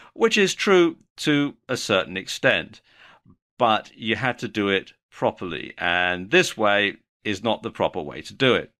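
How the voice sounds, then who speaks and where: A man's voice: lowish voice, sharp tone. A man giving a video lesson on online marketing, explaining in a mildly sardonic way.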